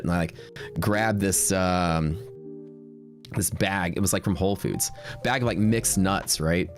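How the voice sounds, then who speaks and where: A man with a low voice tells stories on a livestream in a loose, rambling way, restarting his sentences and filling gaps with "like" and "um". Faint music plays behind him. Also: unhurried, pauses often. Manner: rambling, laid-back, full of fillers and restarts. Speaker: streaming day-trading host. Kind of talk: casual storytelling on a livestream.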